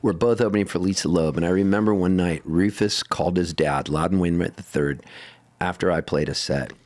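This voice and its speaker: A middle-aged man from San Diego, a guest musician telling road stories in a casual interview, animated and quick to laugh. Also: low-pitched. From San Diego, California.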